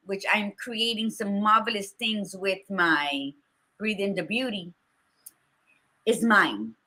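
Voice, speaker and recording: Blunt bright-voiced woman host. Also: mid-range voice. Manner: blunt, profane, motivational. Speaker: podcast co-host. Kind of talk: casual chat.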